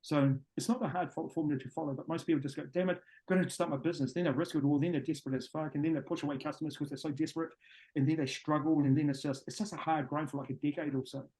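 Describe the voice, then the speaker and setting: A middle-aged man from New Zealand with a New Zealand accent, a podcast guest and business coach talking in a blunt, profane, animated way. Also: fairly high pitch, racing, rough recording. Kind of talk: podcast interview.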